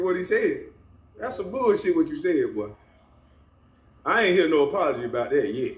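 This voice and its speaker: A man's voice: medium pitch, expressive, a little fast, a little hiss or hum. A middle-aged man rants to camera. He is profane and taunting, and he laughs at his own jabs. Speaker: vlogger. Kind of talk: confrontational rant to camera. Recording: echoey room, off-mic, faint ambience.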